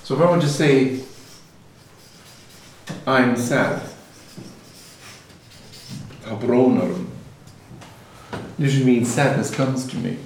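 A man with an Irish accent, a native Gaelic speaker, giving a reflective spiritual talk in a musing, gently humorous storytelling manner. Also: mid-range voice, lively intonation, measured pace, pauses often, a little hiss or hum. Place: hall with a live audience. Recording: very echoey hall, mic far off.

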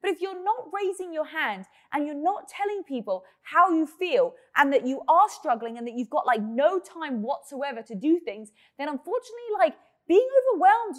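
Female motivational speaker, high pitch, upbeat, emphatic delivery. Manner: upbeat, emphatic, filler-heavy pep talk. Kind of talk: motivational monologue.

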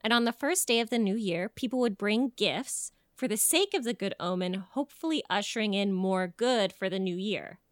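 A woman's voice: mid-range voice, normal speed, few pauses, no echo, clean studio sound. A young woman co-hosting a podcast, telling folklore in a jokey, swearing, casual way. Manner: animated, jokey, swearing storyteller. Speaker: podcast co-host.

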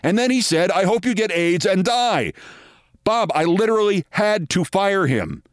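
A man's voice: sits high, big pitch swings, moderate pace, smooth, dry recording, clean studio sound, voice pushed up. A man playing an exasperated male network executive who insists and repeats himself. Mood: insistent.

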